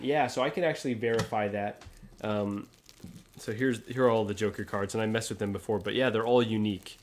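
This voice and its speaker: A man's voice: on the low side, moderate pace, a little hiss or hum. Laughing man hosting a live stream. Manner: laughs often, reads viewer comments aloud. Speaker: host. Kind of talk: casual live-stream chat.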